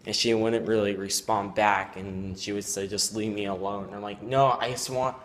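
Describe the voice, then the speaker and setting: A teenage boy telling a vlog story in a downcast, regretful way, rambling and halting with many restarts and fillers. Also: on the low side, fairly even intonation. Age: teens. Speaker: vlogger. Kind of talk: confessional personal vlog.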